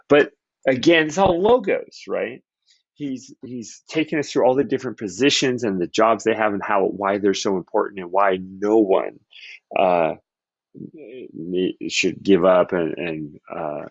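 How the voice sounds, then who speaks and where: A man's voice: low voice, creaky, slightly rough, no room sound, muffled recording. A man teaching a class, casually thinking aloud with fillers and restarts as he reads passages aloud and breaks them down. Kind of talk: classroom lecture analyzing a speech.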